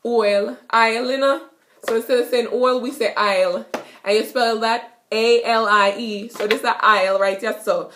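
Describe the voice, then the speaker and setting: A young woman with a Jamaican accent gives a playful, giggly patois lesson in her kitchen, repeating words slowly. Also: a little high, little pitch movement, a bit bright, a little hiss or hum. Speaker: vlogger teaching patois. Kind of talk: casual video lesson. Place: home kitchen.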